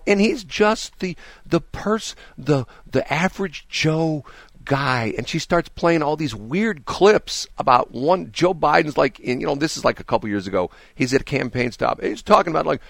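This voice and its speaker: A man hosting a radio talk show, giving his opinions in an animated, talkative way and mocking the people he disagrees with. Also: a little high, moderate pace, creaky, no echo. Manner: animated, mocking imitations of others. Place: radio studio.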